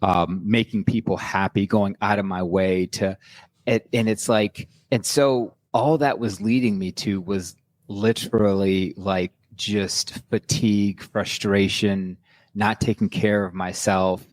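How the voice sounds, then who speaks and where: A man's voice: lowish voice, fairly even intonation, a little slow, no room sound. A middle-aged man, a personal trainer guest, talking candidly in a casual podcast chat, rambling with restarts.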